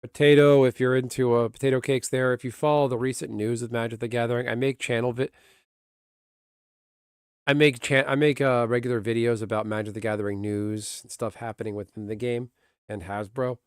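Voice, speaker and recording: A man's voice: medium pitch, level tone, a little fast, clear, resonant tone, no room sound, studio quality. A man streaming and chatting casually with viewers in a rambling way, often laughing. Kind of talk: casual livestream chat.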